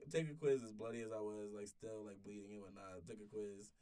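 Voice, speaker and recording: A man's voice: fairly low pitch, steady tone, moderate pace, darkish tone, recorded from a distance. A man in his twenties telling a long story in casual chat, rambling and swearing, with many restarts. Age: 20s. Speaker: podcast storyteller. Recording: voice sits back from the mic.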